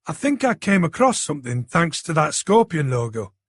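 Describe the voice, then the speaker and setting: A man's voice: a little high, sing-song, normal speed, dry recording, studio quality. A man reading an audiobook plays a cheeky young man from the city who teases his friend about computers. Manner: cocky, bantering. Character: cheeky young London tech-savvy man.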